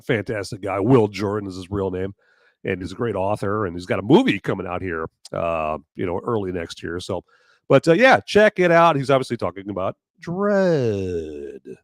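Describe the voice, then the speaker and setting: Hoarse man hosting a rambling live chat. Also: lowish voice, very animated, moderate pace, no room sound. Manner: rambling and jokey. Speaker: podcast host.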